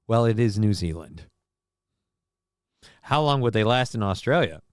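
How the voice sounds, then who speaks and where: Brief: male live-stream host, lowish smooth voice, sardonic, loose and rambling. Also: animated, unhurried, pauses often, no echo, studio quality. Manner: rambling and sardonic, many fillers. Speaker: talk show host. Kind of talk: casual live-stream commentary.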